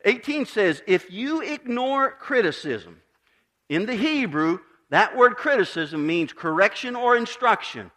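Preaching from the pulpit, this man alternates between emphatic swells and quiet, measured lines. His voice is high and moves through wide swings in pitch.

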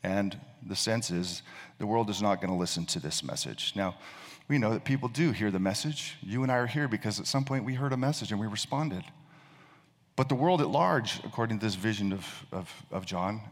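A man's voice: lowish voice, a little fast. A male pastor preaching a sermon, telling a story and often repeating words as he thinks. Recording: long reverb of a large hall.

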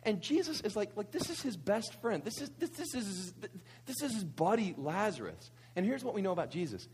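A man's voice: high-pitched, big pitch swings, brisk, a little mellow, slight background noise. A man, preaching a conversational sermon full of rhetorical questions and asides. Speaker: pastor.

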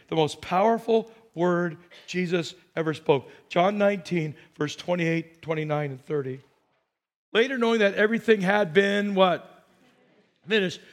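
A middle-aged man with a high voice preaches from the pulpit. He asks the congregation questions and has them repeat words back to him. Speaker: pastor. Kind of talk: sermon.

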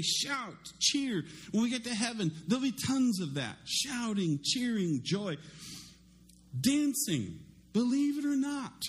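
A middle-aged male pastor preaching a sermon in a conversational, self-deprecating way, with lively swings in his voice. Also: high-pitched.

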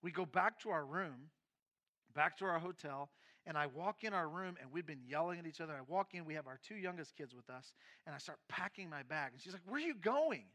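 A middle-aged man who is a pastor, telling his own story in a sermon, candid and shifting between quiet and emphatic moments. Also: a little high, fairly quick. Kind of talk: sermon testimony.

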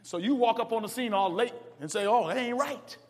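A man preaching a sermon as pastor, swinging from quiet talk to hollering. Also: very high-pitched, fairly quick. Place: church sanctuary. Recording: long reverb of a large hall.

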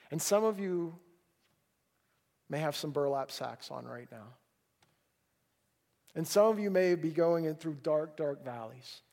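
Earnest pastor with a gravelly voice. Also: male voice, a little high, a little mellow. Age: adult, a parent. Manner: earnest, pleading, with repeated words and restarts. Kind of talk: sermon. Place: church service.

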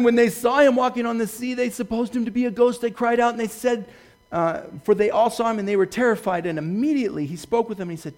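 Animated male preacher retelling stories. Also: high-pitched, vocal fry. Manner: animated storytelling, jumping from hushed to excited; quotes scripture slowly and softly. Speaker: pastor. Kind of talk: sermon.

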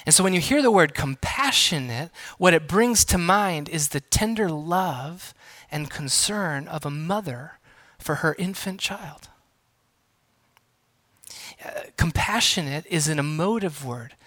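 A man preaching from the pulpit in a bright, somewhat high voice. He teaches in an engaging way, invites the congregation to join in and drops playful self-deprecating asides. The sound is dry and close. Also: expressive, a little slow, no room sound. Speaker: pastor. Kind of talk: sermon.

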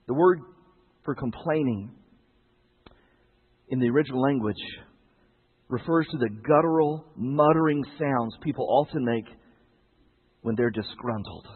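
A man's voice: mid-range voice, a little slow, long pauses, husky. A man preaching a sermon in a conversational way, often asking his listeners rhetorical questions. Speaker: pastor. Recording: tinny narrow-band broadcast sound.

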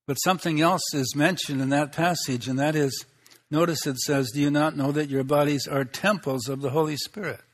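A man preaching a sermon, teaching in an unhurried way, pausing often and asking the listeners rhetorical questions. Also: on the high side, steady tone.

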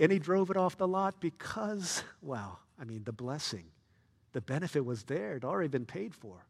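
A male pastor preaching a sermon, telling a story with swings between soft, quiet lines and loud, excited ones. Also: on the high side, moderate pace, vocal fry, husky, in a large hall.

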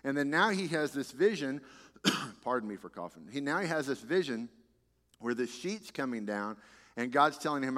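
A man preaching a sermon as a pastor, talking in a conversational, animated way with frequent restarts. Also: mid-range voice, moderate pace, in a large hall.

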